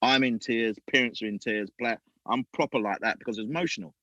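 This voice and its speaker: A man, a podcast guest and former youth football coach, telling animated stories and acting out other people's voices. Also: medium pitch, quick pace, no room sound, dull audio. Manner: acts out other people's voices, lively and emphatic. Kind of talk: animated storytelling.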